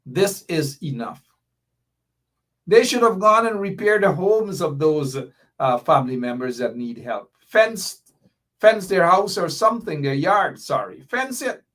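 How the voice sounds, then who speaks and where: A man's voice: a little high, animated, measured pace, fairly bright tone. A middle-aged man with a Guyanese accent hosting a political commentary livestream, impassioned and reading viewer comments aloud. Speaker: show host.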